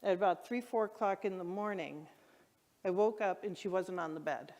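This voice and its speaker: A woman minister preaching a sermon, telling stories with enthusiasm and lively shouts. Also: lowish voice, normal speed, in a large hall. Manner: enthusiastic storytelling, acts out her own excited shouts. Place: church hall. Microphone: handheld microphone.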